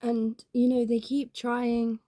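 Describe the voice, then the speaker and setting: A woman's voice: a little high, completely flat delivery, slow pace, mellow, dry recording, studio quality. A young woman talking in a rambling, candid way, full of fillers, in a casual confessional vlog. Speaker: YouTuber.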